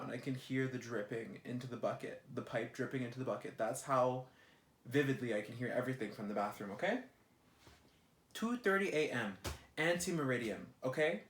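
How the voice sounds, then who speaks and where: A young man, ranting in a vlog, animated and exasperated, swearing a lot. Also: mid-range voice. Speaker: vlogger. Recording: roomy echo.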